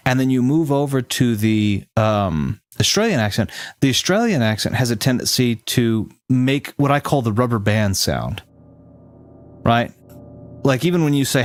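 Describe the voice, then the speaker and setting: A man from the Southern United States with a neutral General American accent, hosting a game stream and chatting with viewers in a rambling, self-correcting way. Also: fairly low pitch. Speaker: streamer host. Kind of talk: casual stream chat with viewers.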